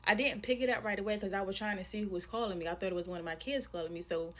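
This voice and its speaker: A woman telling a personal story in an animated, slangy, casual way. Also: mid-range voice, racing. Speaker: storyteller in a viral video.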